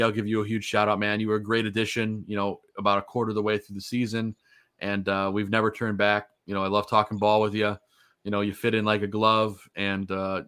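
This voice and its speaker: A man's voice: lowish voice, a bit bright, clean tone. A man in his thirties casually hosting a sports podcast, easygoing and rambling with lots of fillers. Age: 30s. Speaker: podcast host.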